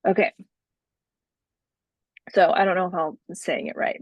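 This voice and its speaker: A woman co-hosting a casual spiritual podcast, chatting gently and laughing often as she reads from an oracle deck. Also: lowish voice, little pitch movement, unhurried, no echo, dull audio. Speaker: podcast co-host. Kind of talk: casual spiritual chat, reading oracle cards aloud.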